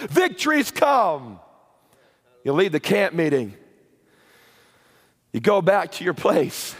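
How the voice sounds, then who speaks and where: A man preaching a sermon with passion, rising to shouted peaks and repeating words. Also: very high voice, very animated, slow pace, long pauses, in a large hall. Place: church or camp meeting hall.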